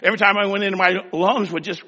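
A man's voice: high-pitched, fairly even intonation, fast, pushed and bright, dull audio. A man preaching a sermon, telling a homespun story in a folksy, anecdotal way before turning to scripture with emphasis. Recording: long hall reverb.

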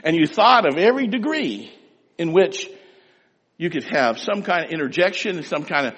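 A man preaches with a bright, husky voice whose pitch rises and falls freely. His talk rings with the long reverb of a large hall, and he speaks straight to the people in front of him. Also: moderate pace. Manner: animated storytelling, acts out loud pleading prayers; speaks directly to the congregation. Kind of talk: sermon.

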